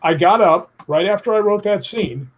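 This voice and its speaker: A middle-aged man tells his stories as an interview guest, animated and blunt. He acts out the voices of people in his stories and puts stress on key words. His voice sits a little higher than most men's. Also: moderate pace. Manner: animated storyteller who acts out quotes; emphatic, plainspoken, casual swearing. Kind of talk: interview storytelling.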